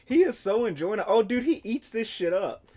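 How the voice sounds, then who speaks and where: Brief: laid-back streamer, slow and playful, swears freely. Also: mid-range voice, very animated, darkish tone. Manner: rambling, profane, playful. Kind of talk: casual live-stream chat.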